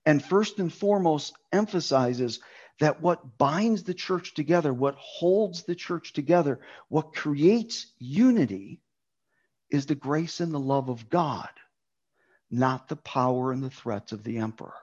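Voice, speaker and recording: A man's voice: on the high side, animated, unhurried, a little mellow, highs cut off. A man preaching a sermon on a Bible passage, emphatic, repeating key words for stress.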